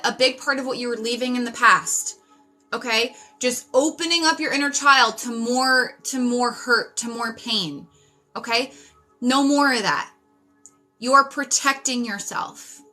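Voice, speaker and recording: A woman's voice: a little high, sharp tone. A woman in her thirties giving an intense spiritual reading, emphatic and repetitive, swearing for emphasis. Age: 30s. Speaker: psychic reader. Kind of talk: spiritual tarot reading monologue.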